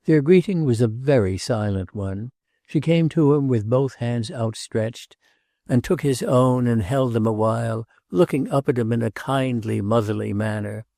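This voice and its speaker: A man narrating a classic novel as an audiobook in a measured, even reading. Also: mid-range voice, vocal fry, no room sound, studio quality. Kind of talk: scripted literary narration.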